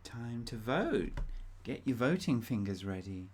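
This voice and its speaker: A woman streams a role-play game and talks her viewers through it in an unhurried, chatty way. She giggles and fills gaps with ums, and keyboard typing and clicks come through behind her. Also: rumbling low, big pitch swings, darkish tone, slight background noise.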